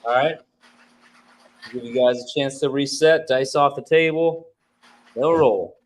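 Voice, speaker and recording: A man's voice: medium pitch, unhurried. A man working as a craps dealer, giving short procedural calls at the table.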